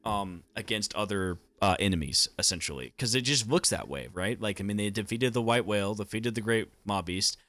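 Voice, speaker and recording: Rambling low-voiced young man, dry sound. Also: animated, brisk, hardly any pauses, a bit bright, no room sound. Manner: rambling, filler-heavy, swears casually. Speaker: anime commentary YouTuber. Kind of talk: casual reaction commentary.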